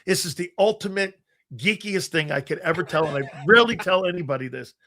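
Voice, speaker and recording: Animated middle-aged male sports host. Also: sits high, a little fast. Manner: animated storyteller, acts out his younger self. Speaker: show host. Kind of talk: casual sports talk, nostalgic storytelling.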